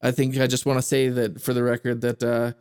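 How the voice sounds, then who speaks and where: A man's voice: mid-range voice, completely flat delivery, darkish tone, smooth. A man hosting a podcast who talks casually, often hesitating and restarting with fillers. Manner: hesitant, halting, with many fillers. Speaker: podcast host.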